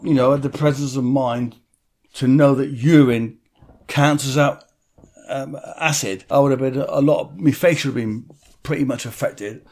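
A man's voice: medium pitch, a little mellow. A man telling a vivid personal story in an interview, blunt and swearing freely.

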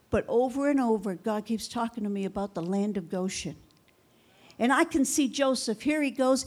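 A woman pastor preaching a sermon, fervent and repetitive, with rhetorical questions and calls of "Amen?" to the congregation. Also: fairly high pitch. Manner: repeats phrases for emphasis.

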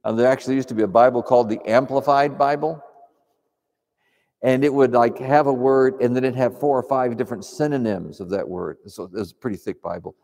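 A man teaches a congregation in a calm, reflective sermon, talking through prayer like he's chatting with friends. His voice is gravelly and mellow. The sound hangs in a long hall reverb. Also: mid-range voice, a little fast. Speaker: preacher.

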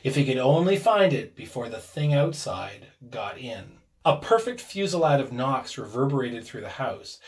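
Expressive man reading a ghost story. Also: medium pitch. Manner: suspenseful, expressive delivery. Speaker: narrator.

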